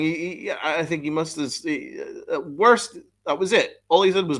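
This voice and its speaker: A man's voice: on the high side, normal speed, few pauses, a bit bright. A man hosting a live sports podcast, venting angrily with heavy swearing and reacting to chat messages. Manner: angry, profane, venting; reads chat messages aloud. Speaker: podcast host. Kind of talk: live-stream sports rant.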